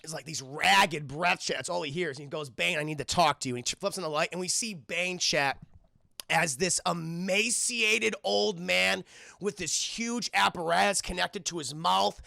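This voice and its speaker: A man giving a casual, profane scene-by-scene cartoon recap to his live stream chat, excitable and acting out the characters as he goes. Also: high-pitched, a little slow, vocal fry, no room sound.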